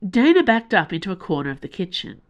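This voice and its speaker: Woman narrating a fiction serial. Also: on the low side. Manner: expressive, measured reading. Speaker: podcast host and reader. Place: small room with a closable door.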